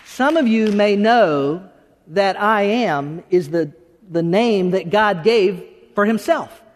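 A man preaching a sermon as pastor, talking in an animated, conversational way with many restarts. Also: high voice, slow. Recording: long hall reverb.

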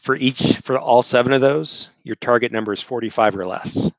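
A man narrating a tabletop game as game master, talking haltingly with many restarts while he describes the scene. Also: mid-range voice, no echo, muffled recording.

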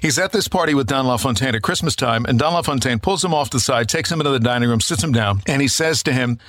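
A man's voice: mid-range voice, quick pace. A man hosting a casual chat about voice acting, telling stories and acting out the lines of the people in them. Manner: animated storyteller who acts out quotes. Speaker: podcast host and voice actor.

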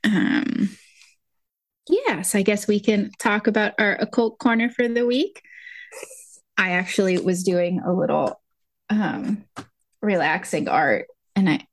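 A woman's voice: mid-range voice, measured pace, pauses often. A young woman from the Lake Tahoe area, co-hosting a podcast in a bubbly, chatty way with lots of "like" fillers. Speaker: podcast co-host. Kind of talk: casual chat.

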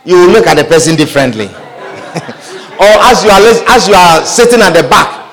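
Pastor, male, high and very animated delivery, acts out quotes mid-sermon. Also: a little fast, some chatter behind. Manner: animated preaching, acts out scripture quotes and scenes, laughs often.

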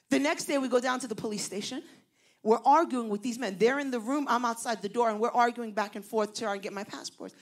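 A woman pastor telling a story in a sermon, animated and rising to loud emphasis. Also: fairly high pitch, husky.

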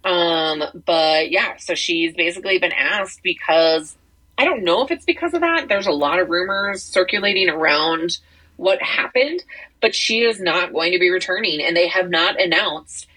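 Woman podcast co-host, low-pitched and husky, casual rambling chat full of "um"s. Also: animated, moderate pace, bright, forceful tone, low-quality recording. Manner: rambling, many fillers and restarts. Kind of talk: casual chat about entertainment news.

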